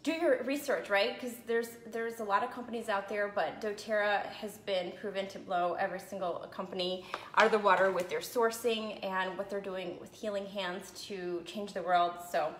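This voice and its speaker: A woman's voice: medium pitch, steady tone, normal speed, fairly bright tone, slight background noise. Woman, casual phone live video, slightly winded, chatty with constant check-ins, echoey room. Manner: chatty, keeps checking in with "okay?" and "right?". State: a little out of breath after a run. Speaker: essential oil seller. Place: her home.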